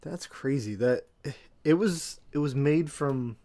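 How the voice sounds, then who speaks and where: A man's voice: on the high side, takes it slowly, warm tone. A man guesting on a podcast, chatting casually about cars and laughing along easily. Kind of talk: casual car chat.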